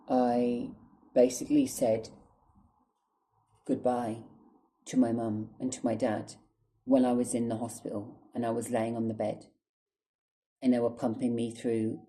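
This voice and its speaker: In a storytime vlog, a man speaks to the camera angrily and emotionally, swearing heavily and close to tears. His medium-pitched voice is mellow, though the recording is rough.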